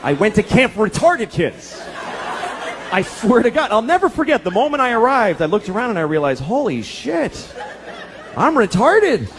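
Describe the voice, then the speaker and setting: Crude stand-up comic, animated delivery. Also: male voice, high voice, a little fast, a little hiss or hum. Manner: crude, exasperated storytelling with mocking voices. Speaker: stand-up comedian. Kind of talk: stand-up comedy set. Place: comedy stage before a live audience. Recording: live stage audio with crowd laughter.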